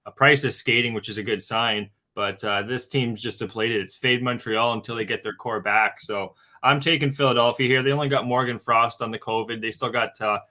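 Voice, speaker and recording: A man's voice: mid-range voice, pushed and bright. A man talking as a guest on a betting show, giving his hockey pick in loose chat full of fillers, often calling listeners guys. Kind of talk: casual sports betting talk.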